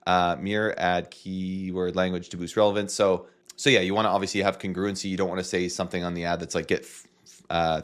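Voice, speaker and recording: A man with a Canadian accent, casually walking through a marketing tutorial with joking asides. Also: sits low. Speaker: marketing coach. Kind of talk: screen-share tutorial.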